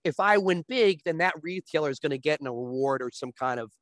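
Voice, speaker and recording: A man as a guest on a talk show, explaining sports betting step by step and often checking with a quick "right?". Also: a little high, expressive, fairly bright tone, no room sound.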